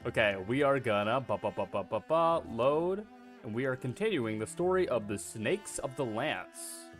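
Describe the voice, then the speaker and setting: A male streamer talking casually over faint background music while he plays a game. His voice sits at an ordinary middle pitch, and he rambles through tangents with easy profanity and self-deprecating asides. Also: expressive, a little slow. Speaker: VTuber streamer. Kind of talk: casual livestream chatter.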